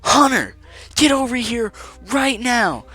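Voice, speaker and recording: Man voicing a strict middle-aged female gym teacher: shrill, bossy, nagging, pitched well up. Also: sing-song, slow pace, sharp tone, husky, exaggerated voice. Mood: scolding.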